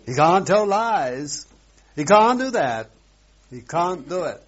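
A man preaching a sermon, swinging between loud, emphatic exclamations and hushed asides. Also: high-pitched, sing-song, slow, breathy edge. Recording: dull lo-fi sermon recording.

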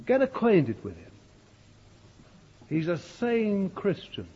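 Male preacher, husky and lively, slow dramatic sermon delivery, dull old recording in a big echoing hall. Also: sits high. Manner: dramatic storyteller, swings from loud to hushed.

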